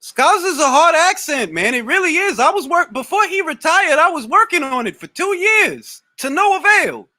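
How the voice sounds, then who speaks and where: Man, young adult, casual live Q&A host, high pitch, lively swooping delivery, repeats words. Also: moderate pace, hardly any pauses, no echo, clean studio sound. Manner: animated, slangy, repeats words when starting a thought. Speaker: boxing talk show host.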